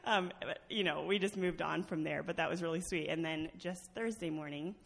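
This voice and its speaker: A woman's low, gravelly voice at normal speed carries through a church sanctuary's long, large-hall reverb. She is sharing a personal testimony with the congregation, storytelling chattily, laughing often and filling her speech with fillers.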